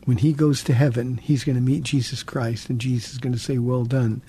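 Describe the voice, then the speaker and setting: A man's voice: mid-range voice, steady tone, fairly quick, mellow, slight background noise. A man in his sixties hosting a call-in radio Bible show, earnest and repeating words as he restarts. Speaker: radio pastor and call-in host.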